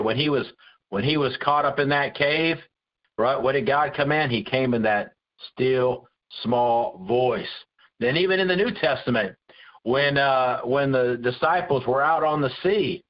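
A man teaching a Bible study in a conversational preaching style, earnest and full of restarts and repeated words. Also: mid-range voice. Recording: dull lo-fi recording.

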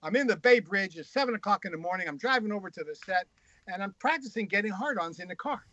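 Bright, high-voiced man telling frank stories. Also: quick pace, no room sound, dull audio. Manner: frank, crude, animated storyteller. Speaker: guest author. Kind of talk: casual anecdotal storytelling.

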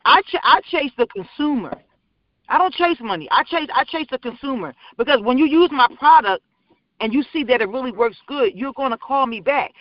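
A woman with a very high voice rambles through her stories with animated energy. She is a small business owner chatting casually on a call-in radio show. The sound is dry and dull, like a lo-fi online stream. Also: moderate pace, no room sound.

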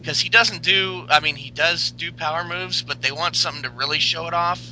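A man's voice: fairly high pitch, a little fast, sharp tone, slight background noise, rough recording. A man co-hosting a casual podcast chat, meandering with lots of fillers and crude jokes. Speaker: podcast co-host.

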